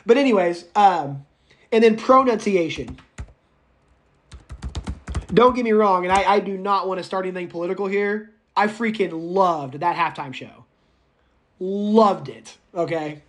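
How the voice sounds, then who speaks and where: Man, high-pitched, college lecturer, casual audio lecture, rambling asides. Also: measured pace, long pauses, slight background noise. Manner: chatty and digressive, with many restarts and asides. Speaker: college instructor. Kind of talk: informal recorded lecture.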